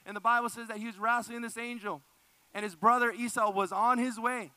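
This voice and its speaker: Man, pastor preaching, emphatic, repeats phrases, smooth voice, dry close sound. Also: very high-pitched, steady tone, fairly quick, sharp tone, no echo. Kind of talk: sermon.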